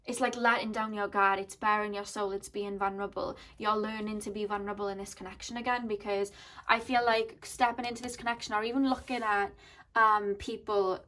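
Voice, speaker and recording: A woman's voice: mid-range voice, fairly bright tone. A woman giving an intuitive tarot reading to her viewers, speaking earnestly and thinking aloud as she goes. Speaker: tarot card reader.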